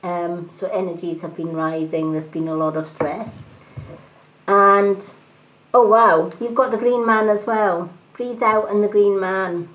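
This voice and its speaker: A woman's voice: medium pitch, fairly even intonation, unhurried, fairly bright tone. A woman with a Scottish accent mixed with other British influences, giving chatty live-stream card readings and thanking her viewers. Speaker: tarot card reader. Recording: dull lo-fi sound with faint noise.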